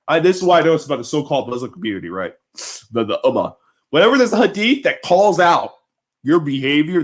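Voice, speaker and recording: A man vlogging an impassioned, rambling monologue, emotional and emphatic, repeatedly checking in with his listeners. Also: on the high side. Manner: heated, rambling, emphatic with repeated tag questions.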